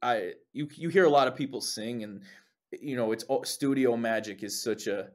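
A man's voice: mid-range voice, moderate pace. A young man from New Jersey, a singer and guest, telling stories in casual chat, swearing often and acting out what others said. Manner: animated storytelling, swears, acts out quotes.

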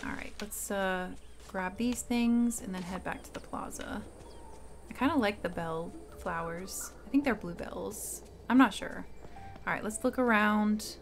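Woman streamer, casual and chatty, mid pitch, soft game music underneath. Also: a little slow. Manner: thinking aloud, chatty with hesitations. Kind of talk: casual let's-play commentary. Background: faint game music.

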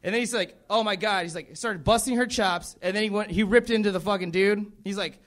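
A man's voice: high-pitched, brisk, fairly bright tone. A young man from the American South doing a profane, rambling stand-up set and laughing at his own jokes. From Southern United States. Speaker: stand-up comedian.

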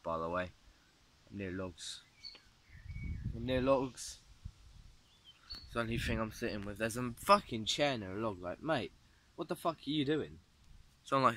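A man's voice: fairly low pitch, sharp tone. A young man rambling casually outdoors, swearing constantly and saying "mate" and "literally" a lot as he records himself on a phone. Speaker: vlogger. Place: outdoors in woods and fields.

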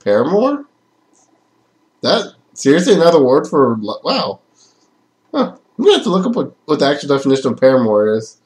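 A man's voice: a little high, very animated, fast talker, poor audio. A man giving casual gaming commentary in a chatty, rambling way, often laughing at himself. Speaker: let's play gamer.

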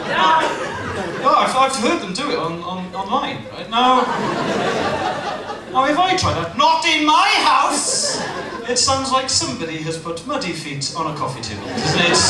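A Welsh man doing a stand-up comedy set on stage, acting out voices for laughs in front of a live audience. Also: high-pitched. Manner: lively, acts out voices for laughs. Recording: roomy live venue recording from far off.

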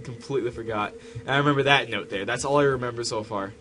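A man doing let's play commentary on a horror game, jumpy and panicky, yelling at the screen. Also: medium pitch, fast talker, slight background noise. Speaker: gamer playing a horror game.

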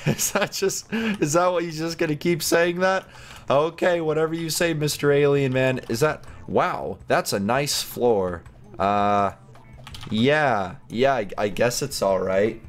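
Lively young man doing goofy game commentary. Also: fairly high pitch, slight background noise. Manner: chatty, goofy, quick reactions with laughs. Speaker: gaming YouTuber. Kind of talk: casual gameplay commentary.

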